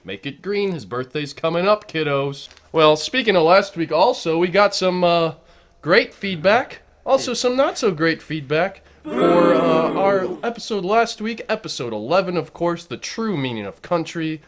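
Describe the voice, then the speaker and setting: A man's voice: on the high side, expressive, measured pace, slight background noise. A man hosting a comedy show, bantering playfully and mock-solemn.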